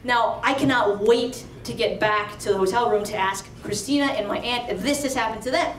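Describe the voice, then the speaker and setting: Brief: high-pitched woman, chatty live storyteller, roomy hall, distant mic. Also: normal speed, slight background noise. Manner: chatty, animated, lots of "like". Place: storytelling stage before an audience.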